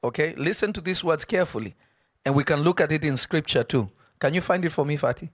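A man preaching a live sermon, emphatic and conversational, breaking into quick asides. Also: fairly high pitch, no room sound, clean studio sound.

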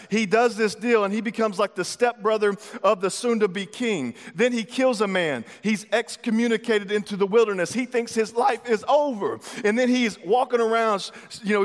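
Guy preaching a sermon, high voice, slangy storyteller, big hall echo. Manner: casual storytelling with slang asides. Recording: long hall reverb.

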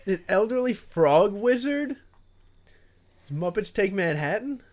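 Laid-back man with a higher voice. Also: sing-song, unhurried, a little mellow. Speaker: quiz player. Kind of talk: casual game chat.

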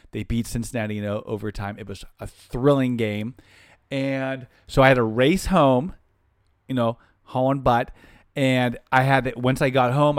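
A man's voice: mid-range voice, clean tone, no room sound. Chatty man, dry close sound. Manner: chatty, quick asides and jokes. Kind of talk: casual storytelling chat.

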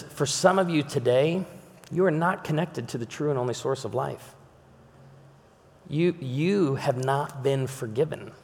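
Male pastor, mid-range voice, jokey storyteller who turns earnest, long hall echo. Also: mid-range voice. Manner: animated, jokey anecdotes with sudden shifts to earnest appeal. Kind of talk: humorous sermon storytelling. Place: large hall with live audience. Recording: long hall reverb, live stage recording.

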